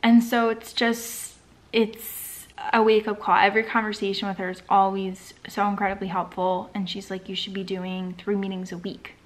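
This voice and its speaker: A woman's voice: medium pitch, level tone, normal speed. A young adult woman talking in a casual personal vlog, candid and reflective, with lots of "like" fillers. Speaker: vlogger and startup founder.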